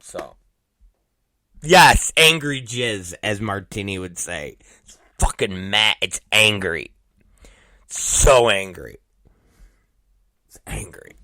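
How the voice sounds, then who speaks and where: A man in his forties hosting a talk show, telling a crude story with repeated words and sudden shouted exclamations. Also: fairly low pitch, lively intonation, slow pace, long pauses, no echo. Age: 40s. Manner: vulgar, repetitive, bursts into shouted exclamations. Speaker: podcast host. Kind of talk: crude comedic monologue.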